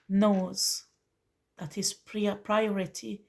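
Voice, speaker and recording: A tarot reader with a mid-range voice speaks slowly, her delivery flat and edged with vocal fry. She pleads earnestly through a spiritual reading, addressing the listener as honey.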